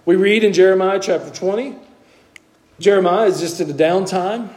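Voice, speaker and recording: A man preaching a sermon, moving between hushed asides and emphatic, high-pitched exclamations.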